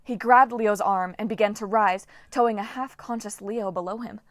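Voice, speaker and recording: A woman narrating an audiobook in scripted style, giving the action a lively, dramatic read. Her voice sits at an everyday middle pitch. The recording is dry and close, with no room sound. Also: normal speed, dry recording.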